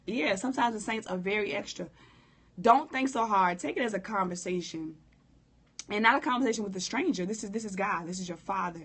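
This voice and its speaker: A hoarse woman who coughs now and then, giving a candid, informal live-stream talk on prayer and speaking straight to her viewers. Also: mid-range voice, animated, fast talker, fairly bright tone. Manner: candid, informal, preacherly direct address. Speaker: motivational speaker.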